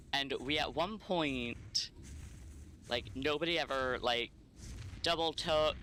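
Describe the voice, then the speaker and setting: An American man chatting casually on a game stream, telling stories in a relaxed way with wry asides. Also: mid-range voice, a little hiss or hum. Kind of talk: casual chat while gaming.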